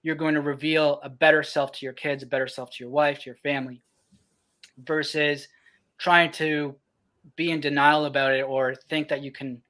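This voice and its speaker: A young man, a podcast co-host, talking about fatherhood in a reflective way, often pausing with ums. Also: on the high side, flat delivery, fairly bright tone. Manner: reflective, many ums and restarts. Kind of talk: casual podcast talk.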